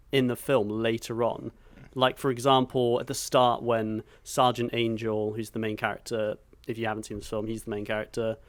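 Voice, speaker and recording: A man co-hosting a podcast in casual chat, enthusiastic and sweary, acting out film moments with sound effects. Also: mid-range voice. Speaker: podcast co-host.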